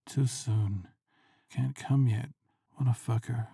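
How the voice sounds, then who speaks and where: A woman voicing a drunk, demanding man, low and slurred with a commanding tone. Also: unhurried, mellow, husky, dry recording, clean studio sound, exaggerated voice.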